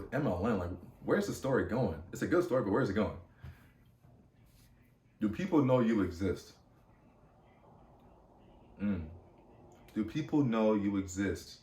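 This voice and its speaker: A young man hosting a podcast, telling a personal story in a casual, slangy, animated way with many fillers and restarts. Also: on the low side, distant mic. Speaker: podcast host. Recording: echoey room, off-mic.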